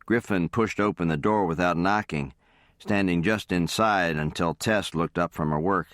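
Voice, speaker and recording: A man calmly narrating a romance audiobook close to the mic. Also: low voice, moderate pace, no echo. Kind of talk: scripted narration.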